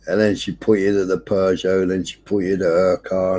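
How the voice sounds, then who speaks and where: A man, hosting a livestream and telling a neighbourhood story in casual chat, swearing nonstop with animated delivery. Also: deep voice, moderate pace, hardly any pauses. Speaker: livestream host. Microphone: streaming setup.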